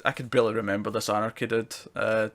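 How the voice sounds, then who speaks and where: A man's voice: on the low side, level tone, fast, a bit bright. A man, co-hosting a casual TV review chat, rambling and laughing often. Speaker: podcast co-host reviewing TV.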